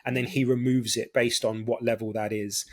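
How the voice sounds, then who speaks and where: A man's voice: medium pitch, little pitch movement, moderate pace. Chatty British man explaining things. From United Kingdom. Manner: chatty, explains with everyday examples. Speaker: podcast guest. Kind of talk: casual conversational interview.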